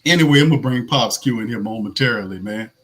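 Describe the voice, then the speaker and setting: A man with a naturally raspy voice hosting casual live fan commentary, animated, blunt and slangy, laughing often. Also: medium pitch, quick pace. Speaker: host.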